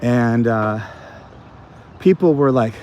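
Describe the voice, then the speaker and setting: A man's voice: medium pitch, takes it slowly, a little mellow, a little hiss or hum. An American man recovering from a cold, hosting a casual walking vlog and telling stories in a rambling way with many fillers. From United States. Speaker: channel host. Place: outdoor botanical garden on an evening walk.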